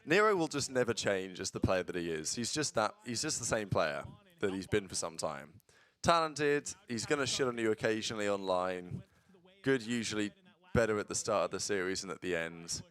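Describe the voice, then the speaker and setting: A man with a lowish, clear, resonant voice streams casual watch-along commentary on esports matches at a normal speed. He's blunt and swears, breaking into excited play-by-play.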